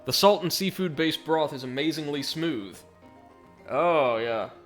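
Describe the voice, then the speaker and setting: Soft background music plays as a man hosts a let's play, chatting casually, reading viewer messages, and reacting as he plays. Excitable and talkative, he keeps correcting himself mid-sentence. His voice is fairly high, and he speaks a little slowly.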